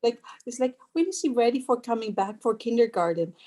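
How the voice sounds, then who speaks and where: Woman host in her 30s, casual podcast chat, fairly high voice, sympathetic, loose delivery. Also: animated, fairly quick, mellow. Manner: sympathetic, loose, full of fillers and restarts.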